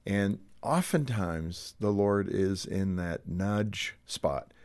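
A man's voice: on the low side, slow pace, darkish tone. A man hosting a Christian radio interview, talking conversationally and putting questions to his guest. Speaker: radio show host.

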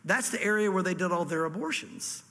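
A man's voice: high voice, a little fast, a bit bright, long reverb tail. A man from Virginia with a Southern accent, a pastor teaching a sermon through scripture with folksy asides. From Virginia, USA. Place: church hall before a congregation.

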